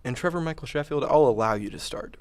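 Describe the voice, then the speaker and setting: A man's voice: mid-range voice, expressive, fast, clear, resonant tone. Young man hosting with wry teasing. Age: young adult. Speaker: host. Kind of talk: casual debate show hosting.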